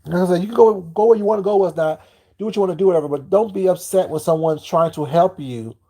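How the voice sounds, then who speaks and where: A man's voice: high voice, fast, dark tone. Blunt, profane man ranting on stream. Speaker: live streamer. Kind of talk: live-stream rant to chat.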